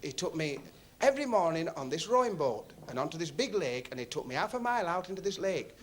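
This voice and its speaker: Chatty club comedian. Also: male voice, fairly high pitch, big pitch swings, fast talker. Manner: chatty, teasing the audience, laughing at his own jokes. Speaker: stand-up comedian. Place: working men's club stage on TV. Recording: noisy 1970s TV recording, laughing club crowd.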